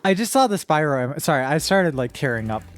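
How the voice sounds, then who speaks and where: A woman's voice: low voice, big pitch swings, a little fast, soft background music. A woman streamer chatting casually with her viewers while gaming, rambling and emotional, with sudden frustrated outbursts.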